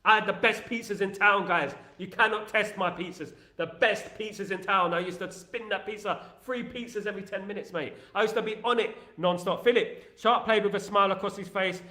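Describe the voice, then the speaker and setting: Excitable man, bright and echoey. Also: sits high, a little fast, few pauses. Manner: rambling, jokey, excitable banter. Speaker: host. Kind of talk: casual chat.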